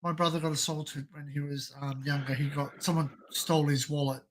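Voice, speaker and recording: A man's voice: fairly high pitch, flat delivery, fairly quick. An Australian man hosting a livestream, telling rambling stories full of "you know, like" fillers in casual chat. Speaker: livestream host.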